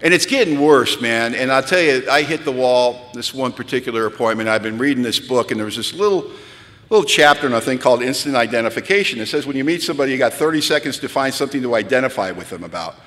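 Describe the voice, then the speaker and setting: A man telling a self-mocking recovery story to an audience in a hall, animated and rising to high-pitched punchlines. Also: fast talker. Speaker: speaker sharing recovery story. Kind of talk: storytelling talk to a live audience. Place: large hall at a retreat. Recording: long reverb of a hall.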